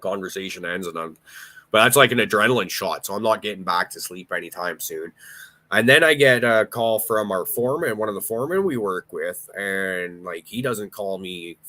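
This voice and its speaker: A man with a bright, forceful tone and a fairly low voice tells a rambling story in loose, casual chat. He swears often and stumbles over his sentence starts as he goes. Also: expressive, moderate pace, no room sound. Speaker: podcast host.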